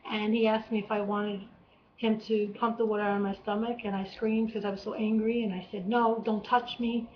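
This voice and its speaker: A woman's voice: medium pitch, level tone, brisk. A woman telling a personal faith testimony in an earnest, emotional way, acting out her own cries as she recalls them. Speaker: vlogger. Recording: dull lo-fi home recording.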